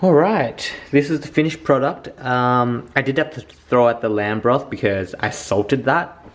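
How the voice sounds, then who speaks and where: A young man narrating a casual home cooking vlog in a chatty, excitable way, swearing freely. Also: mid-range voice, a little slow. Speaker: vlogger. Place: home kitchen.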